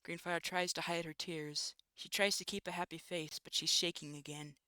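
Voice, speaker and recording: A streamer narrating a visual novel aloud in steady storybook fashion, with occasional asides. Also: mid-range voice, moderate pace, clear, resonant tone, no room sound, clean studio sound.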